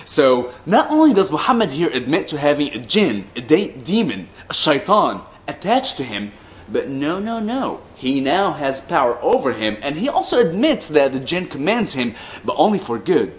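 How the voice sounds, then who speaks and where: A man reading religious texts aloud in a slow, deliberate way, breaking off for mocking, dry asides. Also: on the high side, big pitch swings, slight background noise. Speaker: commentator reading hadith aloud.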